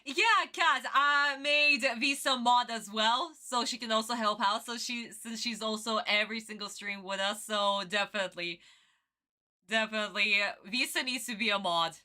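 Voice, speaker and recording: A woman streamer giving casual livestream reaction commentary in an animated, exclamatory way, swearing freely. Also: fairly high pitch, normal speed.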